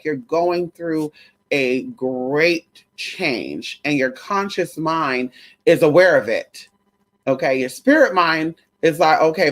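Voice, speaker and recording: A woman hosting a casual spiritual livestream, calling her viewers honey and y'all. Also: sits low. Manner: animated, calls viewers honey and y'all, baby talk to crystals.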